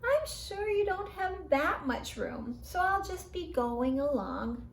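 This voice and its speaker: A shy little field mouse who has lost his home speaks quietly and haltingly, apologizing as he goes, voiced by a woman reading a bedtime story. His voice sits fairly high and unhurried. A roomy echo hangs around it. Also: sing-song, a little hiss or hum, full character voice. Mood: hesitant. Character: shy homeless young male field mouse.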